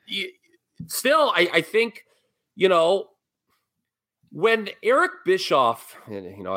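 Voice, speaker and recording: A middle-aged man co-hosting a casual podcast, his pitch swooping widely as he makes his points. His voice has a bright, forward edge, and he drops in jokey asides between opinions. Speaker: podcast co-host. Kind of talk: casual wrestling talk.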